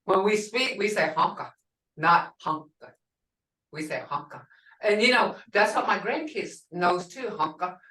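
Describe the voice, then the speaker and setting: An older woman teaching a language class, speaking slowly and patiently and repeating words for her learners. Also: medium pitch, expressive, pushed and bright. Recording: roomy and distant from the mic.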